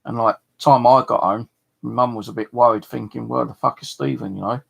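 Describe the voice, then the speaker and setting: A man's voice: mid-range voice, steady tone, a little fast, vocal fry. A middle-aged man with a southeast English accent, rambling and swearing freely as he tells stories to his channel. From southeast England. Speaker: channel host. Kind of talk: casual storytelling to camera.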